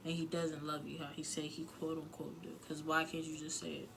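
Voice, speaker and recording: Speaking briskly in a low, gravelly, level voice, a woman offers frank relationship advice in a casual vlog with background noise. She's candid and emotional, nearly crying at times, and uses lots of fillers and some swearing.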